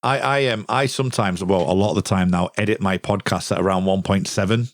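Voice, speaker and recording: Low-voiced podcast host man. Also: brisk, dry recording. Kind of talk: casual podcast chat.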